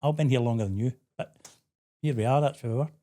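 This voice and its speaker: A man's voice: medium pitch, quick pace, mellow. A man hosting a casual interview, chatty and quoting others in his anecdotes. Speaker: host.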